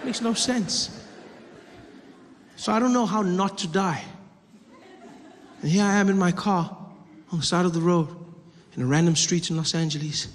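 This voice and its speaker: A man doing stand-up comedy, telling a story with animated, acted-out scenes on a stage mic before a live audience. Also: high-pitched, moderate pace, pauses often. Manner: animated, acts out scenes, shifts voices. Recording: reverberant hall with audience noise.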